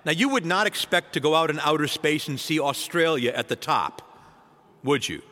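A man, a priest, giving a sermon with dramatic swings between loud and soft. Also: lively intonation, normal speed. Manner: dramatic preaching with wide swings in pitch and loudness. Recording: long church reverb.

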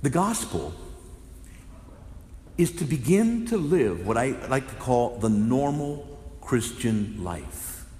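Slow and pausing often, a Catholic priest with a medium-pitched voice delivers an impassioned sermon, his pitch swinging widely as he builds to loud, fervent cries. The large church he's in echoes, giving the recording a roomy hall reverb.

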